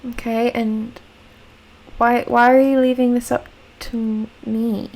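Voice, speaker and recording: A woman's voice: fairly high pitch, flat delivery, slow pace, darkish tone. A young woman giving rambling, self-mocking commentary while playing a video game. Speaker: let's play host. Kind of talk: casual gameplay commentary.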